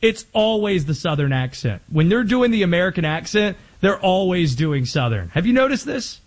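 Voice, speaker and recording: Male sports talk host with a fairly high voice, energetic and opinionated. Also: normal speed.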